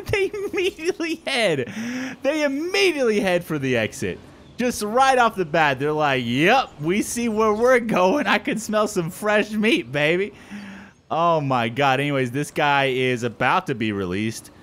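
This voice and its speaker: A young man giving excited let's-play commentary, swearing and exclaiming often. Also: a little high, a little hiss or hum. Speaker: gameplay commentator.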